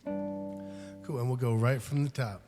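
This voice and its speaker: A man's voice: mid-range voice, fairly even intonation, slow pace. A man, a guest musician, chatting casually in a music studio, easygoing and rambling, with fillers and restarts. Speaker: guest musician, guitarist and singer.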